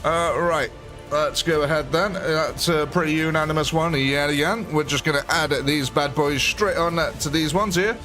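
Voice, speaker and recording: With game music in the background, a male livestream host commentates his play and casually jokes with viewers, reading their names aloud. His voice is fairly high and sharp in tone, with fairly even intonation at normal speed.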